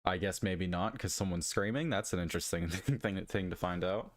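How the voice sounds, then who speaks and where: Very deep-voiced woman streamer, laughing. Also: moderate pace, a little hiss or hum. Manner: laughs often, incredulous reactions. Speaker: streamer reading game stories. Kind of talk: casual live-stream commentary.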